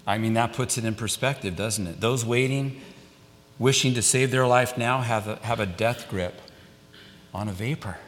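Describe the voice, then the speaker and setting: A man's voice: unhurried, long pauses. Older male preacher in an echoey hall. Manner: emphatic, repeats key phrases, drops to quiet for weight. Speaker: pastor. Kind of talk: sermon. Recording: echoey hall with faint rumble.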